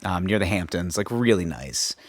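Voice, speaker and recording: A man's voice: low voice, normal speed, no room sound, clean studio sound. A man in his thirties co-hosting a podcast, chatting casually and telling joking stories. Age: 30s. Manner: joking, animated storytelling. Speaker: podcast co-host. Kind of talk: casual chat.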